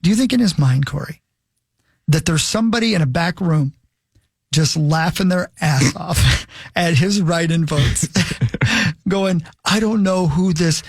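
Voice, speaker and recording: A man in casual sports radio banter with a high, gravelly, raspy voice. He teases in mock-solemn speeches. The booth sound is dry and close. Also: animated, unhurried, long pauses, no echo. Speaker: radio show co-host.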